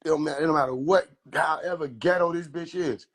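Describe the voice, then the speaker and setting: A young man hosting a casual livestream, riffing in a rambling, profane, joking way with a husky voice into a phone mic. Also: a little high, quick pace. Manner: rambling, profane, laughing banter. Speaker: livestream host.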